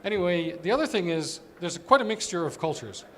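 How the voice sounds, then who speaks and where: A man's voice: high-pitched, animated, a little fast. A man giving a conversational conference presentation as an operations executive, explaining with fillers.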